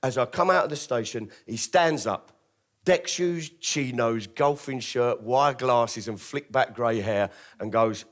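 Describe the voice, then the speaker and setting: A man's voice: mid-range voice, unhurried. A male comedian from Britain telling a true story on stage in a wry, theatrical way, acting out the other people's lines. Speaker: stand-up comedian. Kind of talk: live storytelling comedy show.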